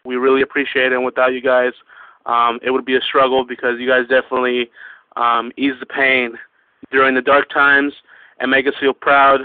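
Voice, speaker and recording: A man calling in over a tinny phone line, his voice smooth and resonant. He speaks in a flat, even tone, sincere and grateful. The sound is dry and close. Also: medium pitch, normal speed, no room sound. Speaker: caller. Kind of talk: phone-in call.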